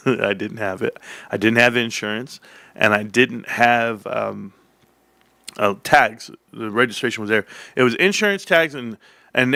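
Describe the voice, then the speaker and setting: A man's voice: mid-range voice, vocal fry, sharp tone, dry recording, studio quality. A middle-aged man telling a long personal story in a casual, rambling way, acting out the dialogue with restarts along the way. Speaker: stock channel host.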